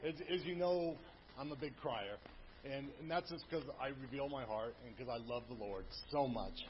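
A man in his fifties, serving as family pastor, giving an emotional, earnest testimony to his church in a booming voice. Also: moderate pace. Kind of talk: personal testimony. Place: church sanctuary. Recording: dull lo-fi church audio, faint hum.

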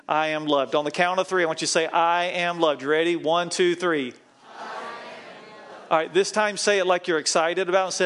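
A man's voice: sits high, normal speed, fairly bright tone. A man, a pastor, preaching a sermon in a church and leading the congregation in call-and-response. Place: church sanctuary.

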